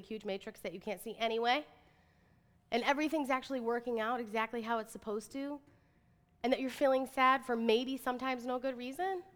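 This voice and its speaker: Bright upbeat woman, kinda high voice, chatty motivational talk, big reverby hall. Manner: chatty, animated, says "like" and "right?" often. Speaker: motivational speaker. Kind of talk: inspirational talk to an audience.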